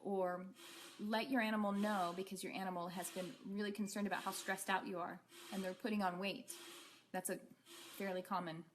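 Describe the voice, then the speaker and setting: A woman's voice: medium pitch, steady tone, moderate pace, background noise. A woman teaching a casual online class as an animal communicator, rambling along with many fillers and restarts.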